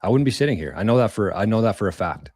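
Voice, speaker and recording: A man's voice: lowish voice, expressive, very fast, a little mellow, breathy edge, no room sound. A man hosting a casual live stream, thanking viewers for tips in a rambling way, repeating words and using mild slang. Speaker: livestream host reading viewer tips.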